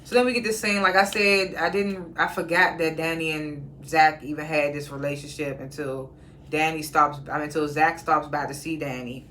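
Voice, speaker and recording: Flat-voiced casual TV episode reviewer. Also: medium pitch, normal speed, slight background noise. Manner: conversational, retells scenes with "she's like" quotes and asides.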